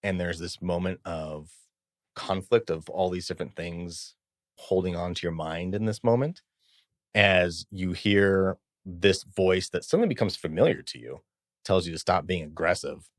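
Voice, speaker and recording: A man narrating and running a tabletop game as game master, relaxed and descriptive. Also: low voice, normal speed, no room sound, clean studio sound.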